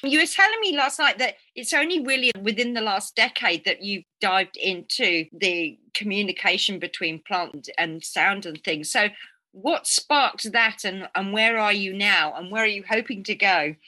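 Bright-voiced woman interviewer. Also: medium pitch, moderate pace. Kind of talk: conversational interview.

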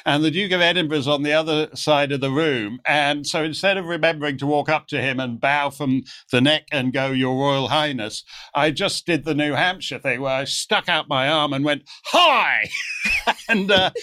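A man guest in an interview, telling animated anecdotes and acting out the voices of the people in them. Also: on the high side, moderate pace, hardly any pauses. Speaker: guest commentator. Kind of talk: storytelling interview chat.

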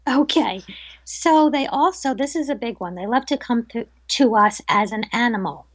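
A middle-aged woman with a somewhat high voice tells stories in a relaxed interview. She is animated and acts out the people she quotes. The sound is close and dry, with no room around it. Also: moderate pace, no room sound. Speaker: psychic medium guest. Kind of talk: casual interview storytelling.

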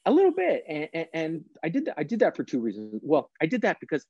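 A man's voice: fairly high pitch, wildly swooping pitch, fast talker, dull audio, a crowd in the background. A man, a guest author and prosecutor, explaining practical steps in an earnest, plain-spoken way during a podcast interview.

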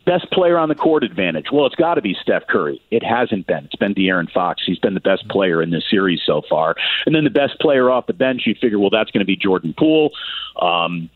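A man's voice: fairly low pitch, dry recording. A man calling into a sports radio show as a guest, giving blunt, opinionated analysis over a tinny phone line.

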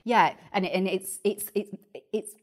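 A woman, a guest chatting on a podcast about early years teaching, animated and often repeating words as she starts a thought. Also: mid-range voice, unhurried. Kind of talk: casual podcast chat.

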